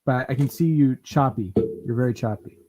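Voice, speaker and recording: Man, host, casual chat, rambling, fillers, mid pitch. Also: brisk, mellow, slight background noise. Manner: rambling, lots of fillers and restarts. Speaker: podcast host.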